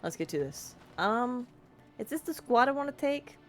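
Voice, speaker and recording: A woman's voice: a little high, big pitch swings, moderate pace, soft background music. A young American woman streaming a game, chatting casually and rambling cheerfully, with lots of "like" and "you know.". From United States. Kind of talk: casual let's-play chat.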